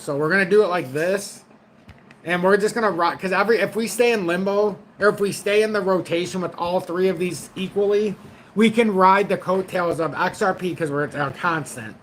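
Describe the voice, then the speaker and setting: A man's voice: high-pitched, fairly bright tone, slight background noise, rough recording. A middle-aged man hosting a crypto trading channel, giving blunt, profane, frank market commentary straight to his viewers.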